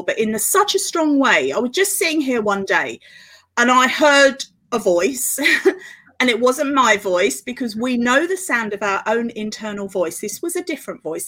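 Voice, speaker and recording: A middle-aged woman, a guest on a podcast interview, telling her story in a flowing, earnest way with quick laughs. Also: fairly high pitch, pushed and bright. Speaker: guest, author and festival organiser.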